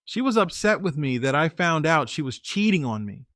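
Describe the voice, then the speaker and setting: A man's voice: a little high, big pitch swings, moderate pace, fairly bright tone, no room sound, studio quality. Man narrating a story, conversational. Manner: conversational, plain-spoken, with fillers and restarts. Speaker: story narrator and channel host. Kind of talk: first-person story narration and casual commentary.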